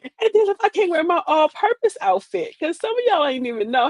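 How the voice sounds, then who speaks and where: Woman in her 40s, aave, chatty livestream host, pitch all over the place, dry close sound. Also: fairly quick, no echo, muffled recording. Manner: animated, talks to viewers, acts out quoted voices. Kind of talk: casual livestream monologue.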